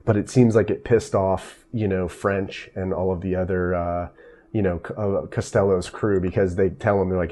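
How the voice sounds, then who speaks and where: A man hosting a casual talk about film soundtracks, with a lowish, mellow voice. He is easygoing, laughs often and drifts through small restarts as he thinks aloud. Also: fairly even intonation, moderate pace. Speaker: podcast host. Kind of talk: casual film-music review chat.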